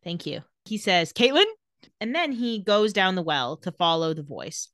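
A woman's voice: lowish voice, expressive, fairly bright tone, dry recording, studio quality. Playful woman recapping a show. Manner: playful, quick to laugh, acts out quotes lightly. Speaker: podcast co-host recapping a TV episode. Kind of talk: casual chat, retelling scenes.

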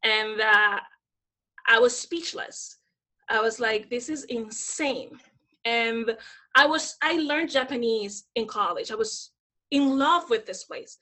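A woman from the Dominican Republic, a guest telling stories in a casual interview, hyper and animated, acting out the voices of people she quotes. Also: fairly high pitch, takes it slowly.

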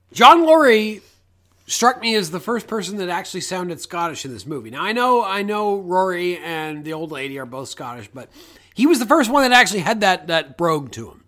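A man co-hosting a casual podcast, riffing on a movie with jokes and frequent swearing. His voice sits high and swings widely in pitch. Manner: animated, swears freely, jokey. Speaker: podcast co-host.

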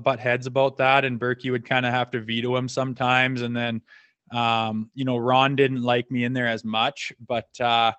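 A man, a former hockey enforcer, telling profane, animated stories on a podcast, acting out what others said. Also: medium pitch, no echo. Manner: profane, animated anecdotes acting out quoted dialogue. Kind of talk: casual storytelling chat.

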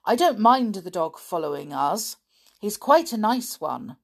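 A woman's voice: mid-range voice, big pitch swings, measured pace, creaky, husky, voice pushed up, heavily acted. A woman voicing a fierce, dog-loving tomboy girl who speaks with fiery indignation in a storybook. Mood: defiant.

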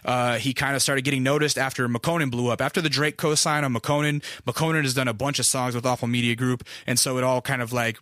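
A man's voice: mid-range voice, little pitch movement, quick pace, few pauses, a bit bright, dry recording, studio quality. A young man hosting a podcast, telling a long story in a loose, profane, rambling way with many restarts. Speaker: podcast host. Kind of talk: casual storytelling monologue.

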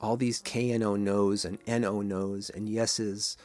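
A man hosting a podcast, reading short-story passages and analyzing them in a measured way. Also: fairly low pitch, level tone, a little mellow, soft background music. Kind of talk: literary reading and commentary.

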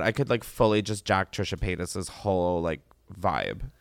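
A man's voice: low-pitched, moderate pace, hardly any pauses, dry recording, clean studio sound. A young man hosting a call-in advice podcast, blunt and self-mocking, swearing freely and slipping into exaggerated mock voices. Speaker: podcast host answering call-in questions. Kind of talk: casual comedic advice chat.

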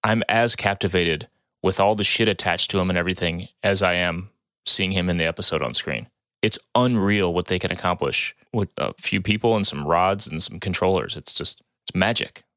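A man's voice: low voice, normal speed, fairly bright tone, no echo, studio quality. A man co-hosting a podcast in casual chat, enthusiastic and laughing often as he reads out quotes. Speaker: podcast co-host.

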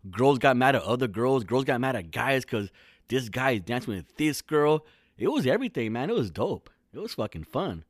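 A man's voice: mid-range voice, big pitch swings, moderate pace, no room sound, studio quality. A man in his thirties from California, talking alone in a casual, rambling, profane podcast monologue full of slang.

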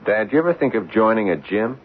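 An actor playing a young adult son who runs the family firm in a radio drama, breezy and deflecting. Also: male voice, on the low side, very animated, fairly quick, slightly rough. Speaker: son and company executive. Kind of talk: 1950s radio drama acting. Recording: narrow phone-like old radio recording.

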